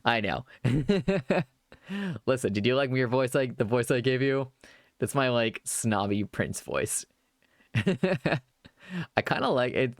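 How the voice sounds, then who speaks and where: A man's voice: medium pitch, animated, slow pace, long pauses, dry recording, clean studio sound. A man chatting casually on a live stream, rambling at length and thanking viewers as they follow.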